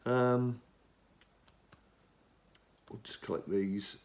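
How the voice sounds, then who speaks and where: Drawing out his words, a middle-aged Englishman gives relaxed commentary on a mobile game for his gaming channel, chatting away and talking to himself. His medium-pitched voice is a little mellow and fairly even.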